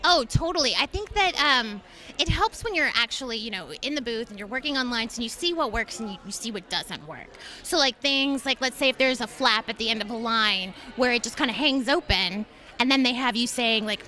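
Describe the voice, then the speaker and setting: A woman in her thirties talks about her voice acting work in a bubbly, enthusiastic way at a convention interview. Her voice sits high and bright, and her pitch jumps around animatedly as she speaks. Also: expressive, a little fast. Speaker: voice actress and guest.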